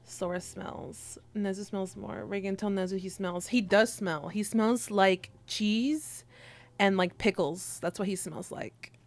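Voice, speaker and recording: A woman's voice: medium pitch, a little slow, slight background noise. A young woman streamer chatting casually with her viewers, teasing and giggling as she reads the chat aloud.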